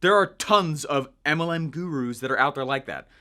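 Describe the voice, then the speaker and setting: A young man coaching viewers in a chatty, energetic way, checking in with "right?" as he explains. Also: fairly high pitch, moderate pace. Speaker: online marketing coach. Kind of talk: casual teaching monologue.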